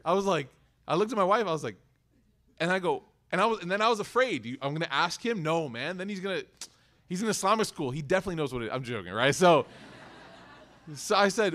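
A man with a bright, high-set voice gives a religious talk to a live audience. He tells stories in an animated way and jokes with the listeners, with his pitch rising and falling through the talk. He sounds like he is in his thirties. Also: fairly quick. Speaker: speaker at an Islamic institute.

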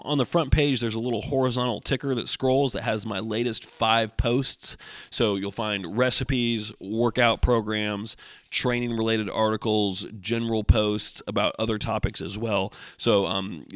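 A man's voice: on the low side, fairly bright tone, dry recording, studio quality. Throaty, chatty podcast host man. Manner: chatty, profane, exasperated storytelling with laughs. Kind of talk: casual solo podcast monologue.

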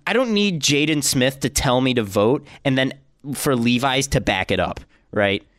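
A man's voice: medium pitch, normal speed, no echo, clean studio sound. A young man co-hosting a podcast, ranting and joking in casual chat. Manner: animated, ranting, jokey. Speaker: podcast co-host.

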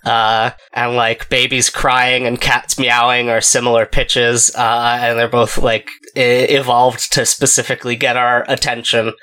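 Bright-voiced man musing on a podcast. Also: mid-range voice, completely flat delivery, unhurried, few pauses, clean tone. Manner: thoughtful, rambling with many fillers. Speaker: podcast co-host. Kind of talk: casual chat.

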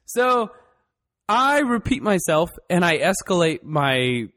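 A man's voice: high voice, slow pace. A man co-hosting a casual podcast chat, telling a story with lots of swearing. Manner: animated storyteller, swears often. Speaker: podcast co-host.

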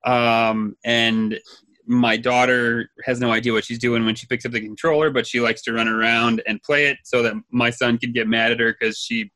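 A man's voice: mid-range voice, level tone, moderate pace, pushed and bright, no echo. A man in his thirties co-hosting a casual podcast, chatty, laughing easily and trailing off mid-thought. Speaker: podcast co-host.

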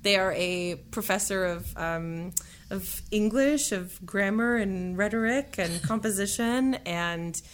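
A woman's voice: mid-range voice, slow pace, slight background noise. A chatty young woman talking as a guest in an interview. She is bubbly and laughs often, and she fills her talk with likes and you-knows. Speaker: musician and voice actor guest. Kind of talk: casual interview chat.

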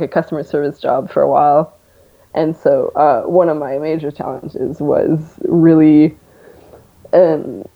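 A woman's voice: low voice, creaky. A young Canadian woman with a North American accent, chatting casually as an interview guest and laughing often between fillers. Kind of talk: casual conversation. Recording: tinny phone-like line.

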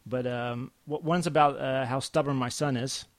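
A man, a podcast guest telling a family story in a halting, lively way. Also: mid-range voice. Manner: halting, restarts often, lively when telling stories. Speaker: podcast guest, comic artist. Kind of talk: casual storytelling chat.

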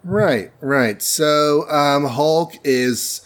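A man casually recapping a comic book story on a podcast, playfully acting out the characters' lines. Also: on the high side. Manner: playful, acts out characters in quick voices.

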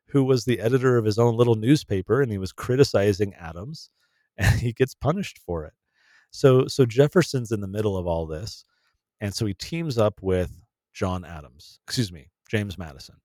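A man's voice: on the low side, a little mellow, no echo. A man co-hosting a podcast, explaining history in casual chat with frequent restarts and fillers. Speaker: podcast co-host.

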